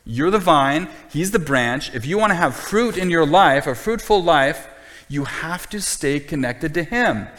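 Pastor guy preaching, earnest and emphatic, voice a bit high, big hall echo. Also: expressive, a little slow, a bit bright. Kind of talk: sermon.

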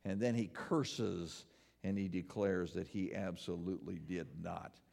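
A man preaching a sermon as pastor, earnest and emphatic, rising on questions and dropping low to land his points. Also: steady tone, measured pace, vocal fry, a little mellow. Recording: long hall reverb.

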